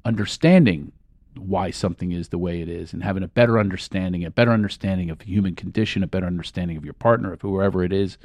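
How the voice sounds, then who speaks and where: Low-voiced man guiding a laughter exercise. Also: quick pace, no echo, clean studio sound. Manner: calm guiding, breaks into giggles. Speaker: guest, laughter and life coach. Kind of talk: guided laughter exercise, talk-show chat.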